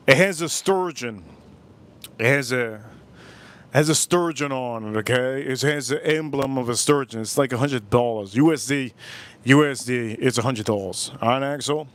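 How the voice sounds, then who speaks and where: A man's voice: mid-range voice, normal speed, fairly bright tone, no echo. A man hosting a live cooking stream, chatting casually, rambling and repeating himself as he talks to his viewers.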